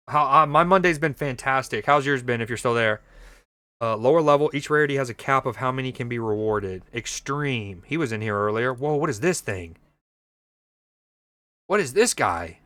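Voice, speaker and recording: A man's voice: on the high side, pushed and bright, clear, resonant tone, no room sound. A young man streaming a mobile game, chatting casually and joking with his viewers as he plays. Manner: playful, jokey, reads chat aloud. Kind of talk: casual gaming stream chat.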